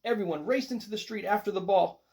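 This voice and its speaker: A storybook reader narrating a picture book aloud with expressive, animated delivery. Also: mid-range voice, quick pace, vocal fry.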